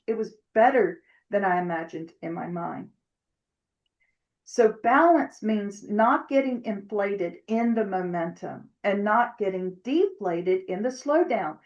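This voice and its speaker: A woman's voice: on the high side, darkish tone. Emphatic woman coaching her sales team. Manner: emphatic, coaching, acts out imagined dialogue. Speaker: network marketing team leader. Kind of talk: motivational talk to a sales team. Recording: dull lo-fi recording.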